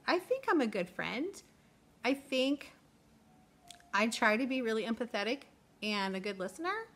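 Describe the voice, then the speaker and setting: Bright-voiced chatty woman teacher. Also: fairly high pitch. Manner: chatty, candid, sentimental. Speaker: teacher vlogger. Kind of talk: casual get-to-know-me chat.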